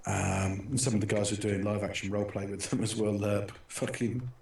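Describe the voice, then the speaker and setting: A man's voice: on the low side, fairly even intonation, fairly quick, creaky, darkish tone, far from the mic, slight background noise. Rambling British man in an echoey room. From Britain. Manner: rambling storyteller with many restarts and fillers. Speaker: talk show host. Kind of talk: casual chat.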